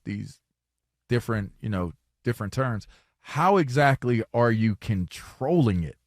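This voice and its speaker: A man's voice: medium pitch, expressive, unhurried, dry recording, clean studio sound. A man co-hosting a sports radio show, telling stories in a loose, rambling way and repeating words as he goes. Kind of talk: casual sports talk. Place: radio studio.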